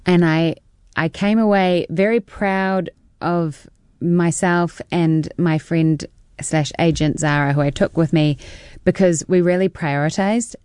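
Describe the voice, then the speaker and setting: A woman's voice: on the low side, fairly even intonation, a little slow, darkish tone, clear, resonant tone, dry recording, studio quality. A woman in her forties with a New Zealand accent, an actor chatting as a guest in an interview, telling stories with frequent laughs. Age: 40s. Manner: chatty, laughs often, tumbling storyteller. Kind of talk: casual interview chat.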